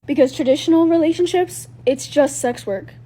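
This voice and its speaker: A woman's voice: high voice, moderate pace, dark tone, slight background noise. A woman giving assertive, lecturing commentary in a social media video.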